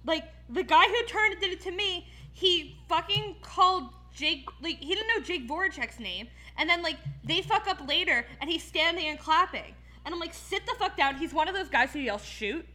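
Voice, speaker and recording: A woman's voice: extremely high pitch, expressive, normal speed, few pauses, pushed and bright. A woman from Philadelphia hosting a casual podcast chat, ranting with heated profanity and many fillers. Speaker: podcast host.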